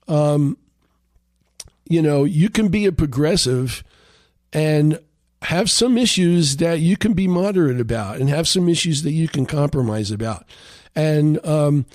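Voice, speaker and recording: A man's voice: on the high side, a little mellow, no room sound. Male radio host, political commentary, conversational with fillers, dry close studio sound. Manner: conversational, many fillers and restarts.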